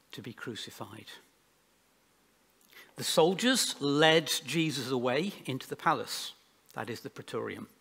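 A man preaching a sermon in a church, reading scripture aloud in a measured way with pauses. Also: mid-range voice, a bit bright. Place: church hall. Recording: long church hall reverb.

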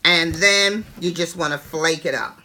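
A chatty woman hosts her cooking show from a kitchen, talking her viewers through a recipe with animated affection. Her voice is bright and forward. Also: low-pitched, a little slow, a little hiss or hum. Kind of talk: casual cooking demonstration.

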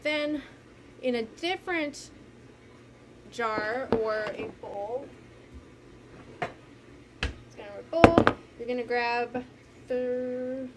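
Speaking to the camera from a carpeted room at home, a high-pitched female teacher runs a children's lesson with gentle encouragement. Every so often she backtracks after losing her place, while a faint hum of room noise sits underneath.

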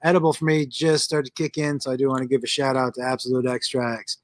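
A middle-aged man hosting a casual live show while high, talking in a loose, giggly, rambling way. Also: fairly even intonation, brisk, few pauses, a bit bright, slight background noise. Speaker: host.

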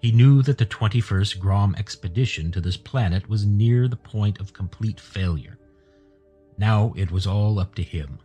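Man reading an audiobook, lively up-and-down delivery, kinda husky. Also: fairly low pitch. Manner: steady storytelling. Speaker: narrator. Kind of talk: audiobook narration.

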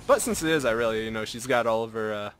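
Excitable young man narrating his gameplay. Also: lowish voice, fast talker, clear, resonant tone. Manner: excitable, swings from mutters to yelps, self-mocking. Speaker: gameplay commentator. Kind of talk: casual live game commentary.

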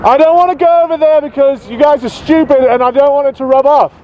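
A man's voice: very high voice, quick pace, few pauses, lo-fi sound, a crowd in the background. A man filming protesters on a street, goading and insulting them in a mocking, confrontational way. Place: outdoors on a busy street by a protest. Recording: outdoor street with traffic noise.

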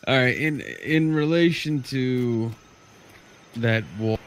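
A man's voice: mid-range voice, slow pace. A man streaming a game, chatting casually with a teammate and laughing easily. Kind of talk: casual gaming chat.

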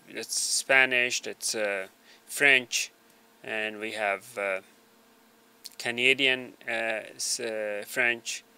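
Male tutorial voice-over, hesitant with many fillers, bright mid-pitched tone, small desk mic. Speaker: tutorial narrator. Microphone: small desk microphone.

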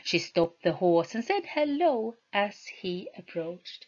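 A woman hosting her channel, reading a novel aloud in a slow, deliberate way. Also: mid-range voice, big pitch swings, darkish tone, dull audio.

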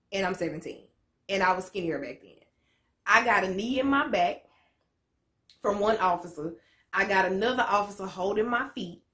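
Her voice is mid-range and fairly bright. She's a motivational vlogger in her late twenties, telling a story straight to camera with plenty of profanity, slang, and bluntness, recorded in a room with noticeable echo.

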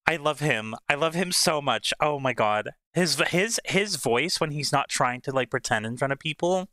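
A young man streaming a game, reacting out loud, excitable and swearing a lot as he talks to the screen. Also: a little high, moderate pace, dry recording, studio quality. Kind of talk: casual reaction commentary. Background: game soundtrack and game dialogue.

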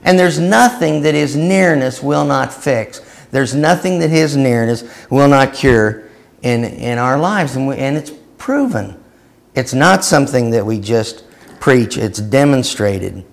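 A man teaching a Christian seminar and telling a story, growing loud and animated as he acts out what he said. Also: mid-range voice, measured pace, gravelly. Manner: storytelling, growing loud and animated when acting out his reply. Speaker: preacher.

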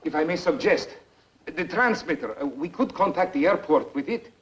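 A man's voice: a little high, lively intonation, normal speed, lightly acted. A man playing an anxious, deferential Soviet radio operator in a 1950s film. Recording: muffled old film soundtrack with hiss.

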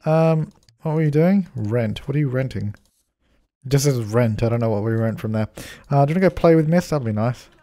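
A man's voice: mid-range voice, a little fast, warm tone. A man giving casual, chatty commentary over a life-simulation game, laughing often and telling his characters what to do. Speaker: let's play host.

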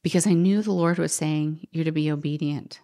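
A middle-aged woman telling a personal story as a podcast guest, animated, quoting others and sometimes dropping to a whisper. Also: deep voice, fairly quick. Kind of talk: storytelling in conversation.

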